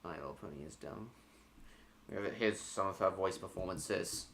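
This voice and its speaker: Man, live-stream host, bright low-pitched voice, echoey room with faint hiss. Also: moderate pace. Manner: reads viewer messages aloud and answers them. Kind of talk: casual live-stream chat.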